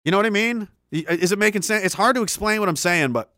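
A man's voice: high voice, fast talker, pushed and bright, no echo, clean studio sound. A man from Canada hosting a livestream, reading chat messages aloud in a profane, rambling and emphatic way. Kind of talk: casual livestream rant.

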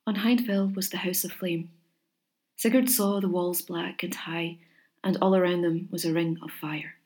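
A woman narrating an old legend in a measured, gentle storytelling manner with expressive pauses. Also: on the low side.

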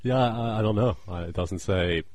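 A man's voice: on the low side, normal speed, no echo. A man co-hosting a casual comedic podcast, telling stories with lots of laughter. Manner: laughing, animated storytelling. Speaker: podcast co-host.

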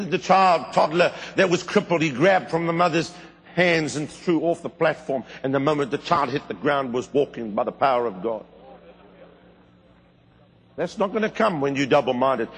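Brief: middle-aged man, fiery storytelling preacher, husky, reverberant hall. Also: animated, moderate pace. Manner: fervent storytelling with sudden high bursts. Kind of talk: sermon.

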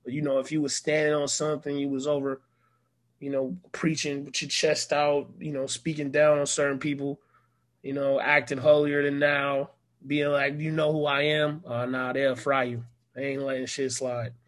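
A man's voice: medium pitch, level tone, moderate pace. A young man talking in a casual, slangy, laid-back way as an interview guest, with lots of fillers. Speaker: musician and actor guest.

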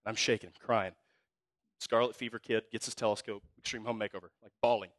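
A man preaching a sermon as pastor, telling stories in a casual, slangy way and swinging from hushed to loud. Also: lowish voice, steady tone, fairly quick, dry recording.

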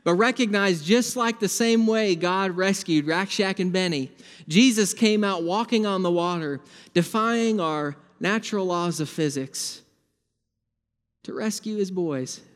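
A man's voice: high-pitched, a little slow, clean tone. A man preaching a sermon as pastor, conversational and building emphasis through repeated phrases. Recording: long reverb of a large hall.

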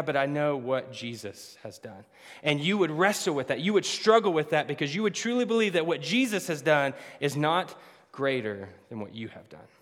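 Pastor type, man with a slightly high voice, dynamic loud-to-soft delivery, sermon in a church with long reverb. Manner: dynamic preaching, swinging from loud to hushed.

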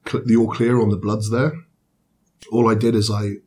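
A man, a bodybuilder, casually recounting his training in a relaxed, rambling way with fillers. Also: fairly low pitch, normal speed, a little hiss or hum. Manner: laid-back, rambling recap with fillers. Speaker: bodybuilder guest. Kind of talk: casual podcast chat.

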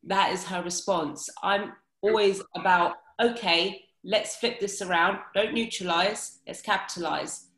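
An animated woman talks in a casual podcast conversation, a dating coach explaining her approach. She jumps in with quick asides and restarts her sentences often. The room around her sounds roomy and echoey. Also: lowish voice.

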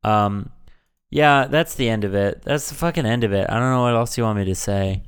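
A man's voice: on the low side, brisk, clean tone. A man co-hosting a casual movie podcast, sarcastic and swearing freely as he rants. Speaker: podcast co-host.

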